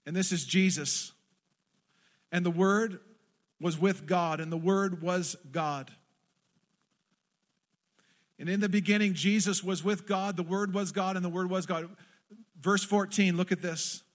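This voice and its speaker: A man's voice: sits high, steady tone, a little slow, pauses often. A man preaching a sermon to a congregation, passionately acting out quoted prayers. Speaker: pastor. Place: church in front of a congregation.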